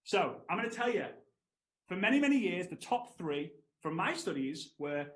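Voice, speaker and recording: A man, giving an energetic storytelling training talk to an audience he keeps calling on. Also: sits high, brisk. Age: 30s. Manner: energetic, animated, asks the audience to respond. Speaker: network marketing trainer. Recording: roomy echo.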